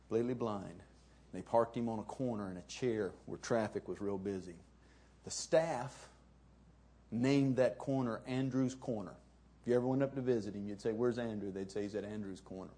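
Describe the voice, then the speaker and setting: A man's voice: lowish voice, fairly even intonation, moderate pace, dark tone. A middle-aged man, preaching a sermon in a folksy, storytelling way. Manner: folksy, chuckling, conversational. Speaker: pastor.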